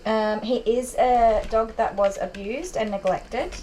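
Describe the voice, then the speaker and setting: A young woman narrates a grooming session to her camera, her voice sitting a little high for a woman. She talks in a relaxed, chatty way, going slower and quieter when she soothes an anxious dog. A faint hum of the salon runs behind her. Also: low-quality recording. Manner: switches to a slower, quieter, calmer voice for anxious dogs. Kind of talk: casual vlog narration while working. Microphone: camera mic, sometimes set at a distance.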